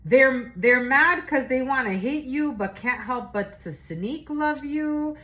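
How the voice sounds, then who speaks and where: A woman's voice: sits high, lively intonation, slow pace, fairly bright tone, rough recording. A woman giving a casual, rambling channeled reading, loose and profane, laughing often. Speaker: tarot reader.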